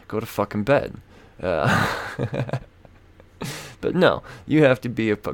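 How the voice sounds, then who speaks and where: A man hosting a podcast, telling a rambling, profane and self-mocking story in a casual way, with lots of fillers. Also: fairly low pitch. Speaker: podcast host.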